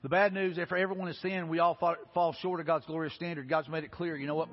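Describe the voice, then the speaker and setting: A man preaching a sermon, telling stories in a folksy, animated way. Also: on the high side, fast talker, hardly any pauses, over music. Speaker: pastor. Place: church sanctuary. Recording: lo-fi recording with long hall reverb.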